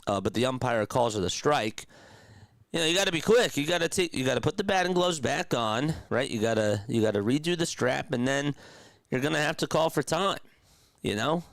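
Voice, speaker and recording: A young man calls a game play-by-play in a mid-range voice, chatting to his viewers between pitches. He drifts into sarcastic asides and animated bursts of opinion. The sound is dry and close, with no room around it. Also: brisk, vocal fry, no room sound. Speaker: play-by-play host. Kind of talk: radio-style play-by-play commentary.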